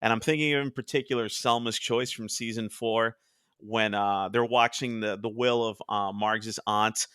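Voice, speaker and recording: A young man from New Jersey hosting a casual podcast chat, chatty and quick to quote cartoon lines in animated voices. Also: fairly low pitch, clean tone, no echo, clean studio sound. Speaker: podcast host.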